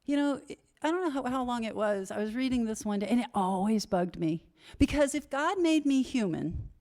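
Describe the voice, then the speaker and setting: A middle-aged woman with a fairly high voice speaks candidly to an audience at a recovery conference. She's self-deprecating and builds toward emphatic repetition.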